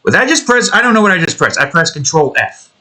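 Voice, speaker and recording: An American hobby game developer with a bright, forward voice rambles casually as he builds a game, joking, swearing, and talking to the pieces on his screen as though they could hear him. His voice is a little high and fast, with big pitch swings.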